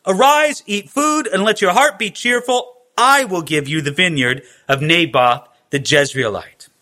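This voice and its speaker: Commanding scheming queen read by a man, high emphatic voice, bright tone. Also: measured pace.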